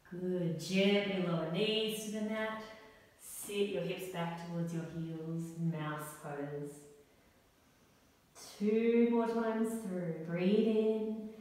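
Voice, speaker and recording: A young adult woman teaching a guided yoga class for children, giving gentle, encouraging step-by-step cues. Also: fairly low pitch. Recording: echoey hall, voice from far off.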